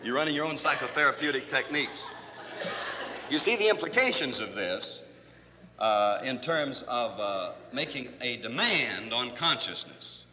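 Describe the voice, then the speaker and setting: A man's voice: mid-range voice, big pitch swings, measured pace, background noise. A man giving a rambling lecture full of fillers, telling jokes with acted voices, in an old archival recording. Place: lecture hall. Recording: distant hall, dull archival lo-fi recording.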